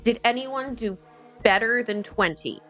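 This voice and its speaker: A woman running a tabletop game as game master, narrating and calling out turns in a measured way. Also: on the high side, a bit bright, soft background music.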